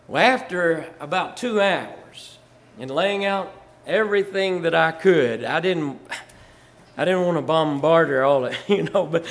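Slow, folksy older pastor. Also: male voice, sits high. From Virginia. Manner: folksy, chuckling, rising to fervor. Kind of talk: storytelling testimony.

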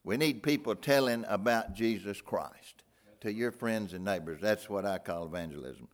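A man's voice: on the low side, moderate pace. Older man preaching with dramatic swings. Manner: folksy, with wide dramatic swings between loud outbursts and hushed near-whispers. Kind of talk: sermon.

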